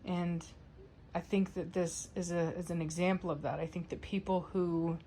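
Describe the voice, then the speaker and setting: A woman's voice: fairly low pitch, level tone, normal speed, warm tone, a little hiss or hum. A woman dog breeder and trainer talking casually to her viewers in a chatty, rambling way. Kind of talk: casual vlog talk to viewers.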